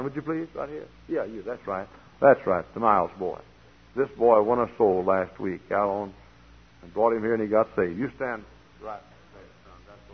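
A man preaching a folksy sermon in a church, sometimes swelling into loud, emphatic preaching. His voice is a bit husky, and it comes through a tinny, lo-fi old recording. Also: mid-range voice. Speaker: pastor.

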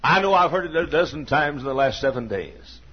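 A man's voice: fairly high pitch, lively intonation, fairly quick, slightly rough. A man in his sixties preaching a sermon in a church, telling personal stories in a folksy, earnest way with frequent restarts and coughs. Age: 60s. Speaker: pastor. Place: church sanctuary. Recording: dull lo-fi sermon recording.

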